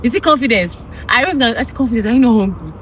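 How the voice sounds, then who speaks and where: A young woman with a fairly high voice telling a story in a giggly, conspiratorial way. She sits some way from the mic, with faint outdoor noise behind her. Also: lively intonation, racing, recorded from a distance. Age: young adult. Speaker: platoon executive, interviewee. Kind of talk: casual storytelling.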